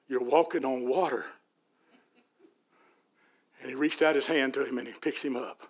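A man preaching a sermon in a church, folksy and rising to loud peaks. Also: mid-range voice, moderate pace, long pauses. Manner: folksy preaching, Southern US dialect, builds to shouts. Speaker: pastor. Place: church sanctuary.

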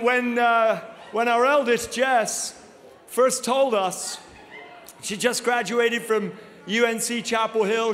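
A man in his fifties preaching a sermon full of funny personal stories, animated and self-deprecating, laughing often. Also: sits high. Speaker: guest preacher. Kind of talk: humorous storytelling sermon. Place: large church auditorium. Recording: long reverb of a large hall.

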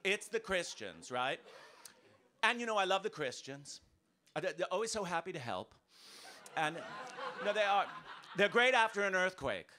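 An American man doing a stand-up comedy set in a club, ranting with punchy, animated delivery. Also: high voice, moderate pace, long pauses. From United States. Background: audience laughter.

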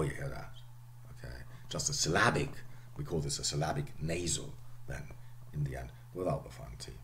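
A male lecturer with a fairly low voice that rises and falls in a lively way. He talks haltingly, filling pauses with "okay" and "uh", and his phrase endings sometimes sink to a whisper. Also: a little hiss or hum. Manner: halting delivery, frequent "okay" and "uh". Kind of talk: recorded phonetics lecture.

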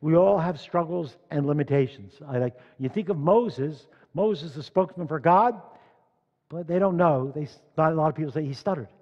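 A man's voice: fairly high pitch, moderate pace. An older man preaching a sermon, telling stories and reading scripture aloud with rising force. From Philadelphia. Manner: storytelling, rising loud when reading scripture. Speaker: congregation leader. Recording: dull echoey church hall recording.

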